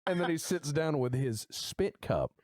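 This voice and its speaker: A man's voice: fairly high pitch, animated, a little slow, darkish tone, dry recording, studio quality. A man from rural Texas, telling a story in casual podcast chat, swearing and laughing.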